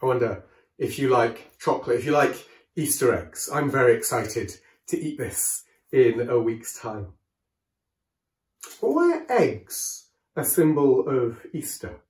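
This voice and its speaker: Gentle man telling a children's story, echoey room. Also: mid-range voice, sing-song, a little slow. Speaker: school worship leader.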